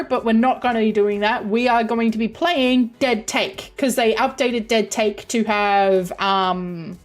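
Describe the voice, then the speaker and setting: A woman streamer chatting casually to her viewers, bubbly, rambling and giggly. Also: fairly high pitch. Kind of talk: casual chat on a game stream.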